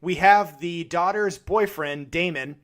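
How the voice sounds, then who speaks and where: A man with a high-pitched, slightly bright voice speaks a little slowly as he co-hosts a casual film podcast. He laughs often and swears without restraint.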